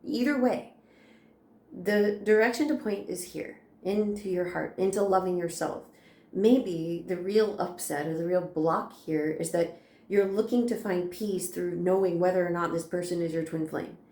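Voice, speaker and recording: Casual American woman tarot reader, warm low-key delivery, roomy sound. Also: unhurried. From United States. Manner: chatty, reassuring, laughs often. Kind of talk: casual spiritual card reading.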